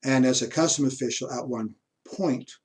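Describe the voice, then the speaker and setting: A man giving a university history lecture, unhurried, pausing mid-sentence and adding asides. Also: medium pitch, darkish tone.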